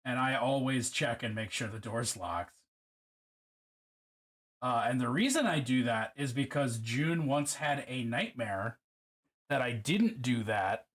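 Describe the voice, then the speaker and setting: A man's voice: mid-range voice, expressive, a little slow, a bit bright. Baltimore guy streaming from his room, cursing a lot, rambly and jokey about himself. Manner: profane, rambling, self-mocking. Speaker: streamer painting miniatures. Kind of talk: casual live-stream chat.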